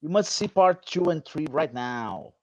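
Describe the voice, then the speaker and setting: A man hosting a casual stream chat, excitable and teasing, jumping to loud bursts. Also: on the high side, unhurried. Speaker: stream host.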